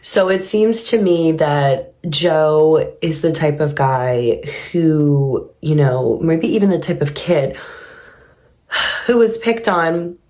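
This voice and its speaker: A woman with a notably low voice talks through her reaction to a clip. Her delivery is earnest and reflective, thinking aloud as she goes. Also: expressive, slow pace, darkish tone. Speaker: reaction video host. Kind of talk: reaction commentary.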